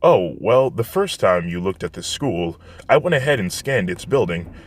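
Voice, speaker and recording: A man voicing a calm, helpful ghost companion. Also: deep voice, moderate pace, dry recording.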